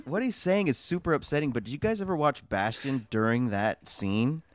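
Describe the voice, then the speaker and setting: A man in his thirties with a voice of middle pitch chats eagerly on a podcast and laughs often. He sounds close to the mic, and the recording is dry. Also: animated, normal speed, no echo. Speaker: podcast co-host. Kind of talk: casual chat.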